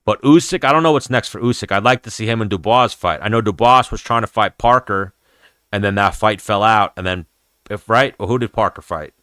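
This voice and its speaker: A man's voice: on the low side, a little fast, a bit bright, clear, resonant tone, dry recording, clean studio sound. A man hosting a casual fight-talk livestream, rambling and swearing freely as he chats with viewers. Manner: rambling, profane, chatty. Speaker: host of an MMA livestream.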